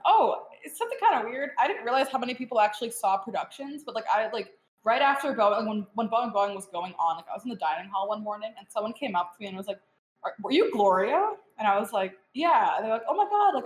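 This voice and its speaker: A young woman in her twenties talks casually as a guest, spilling a story with plenty of fillers. Her voice sits a touch high, and the room around her rings with echo. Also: animated, quick pace, hardly any pauses. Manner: chatty storytelling with frequent fillers. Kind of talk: casual chat.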